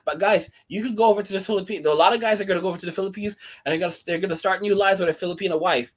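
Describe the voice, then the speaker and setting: Ranting man with a high voice. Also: rapid-fire. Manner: indignant, rambling, many restarts. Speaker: commentary channel host. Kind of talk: ranting casual commentary.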